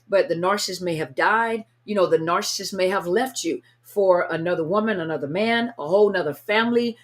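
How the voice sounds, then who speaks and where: A woman coaching people through abuse and grief in an unscripted teaching talk, earnest and repetitive, often acting out what listeners feel. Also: mid-range voice. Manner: earnest, repetitive, acts out inner voices. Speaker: coach on narcissist abuse recovery.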